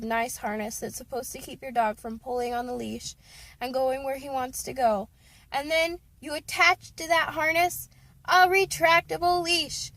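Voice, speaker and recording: A woman's voice: high voice, a bit bright. A woman who works with dogs, ranting in an exasperated, comic way and laughing often. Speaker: dog care worker. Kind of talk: comic rant.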